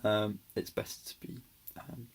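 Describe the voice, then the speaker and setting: A man's voice: fairly low pitch, fairly even intonation, slow, creaky, slightly rough. A man giving a casual grammar lesson over slides, patient and reassuring, with many ums and small restarts. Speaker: language teacher.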